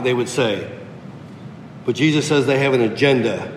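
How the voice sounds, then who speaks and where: In an echoey hall with a faint rumble, a man preaches emphatically at a moderate pace, pausing often and repeating key phrases for effect.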